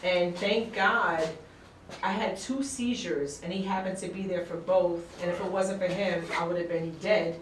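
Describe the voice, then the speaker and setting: A woman's voice: fairly low pitch, steady tone, a little slow, slight background noise. A woman hosting an interview, speaking in a heartfelt, rambling way. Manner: heartfelt, rambling, says "whereas" often. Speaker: host. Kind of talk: casual interview chat. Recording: echoey room, mic at a distance.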